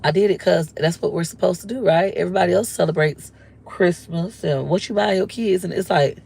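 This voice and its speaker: Gravelly-voiced mom vlogging candidly. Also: female voice, lowish voice, fairly quick, a little mellow, slight background noise. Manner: emotional, slangy, rambling, quotes her husband. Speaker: vlogger, mother. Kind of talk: candid casual talk to viewers.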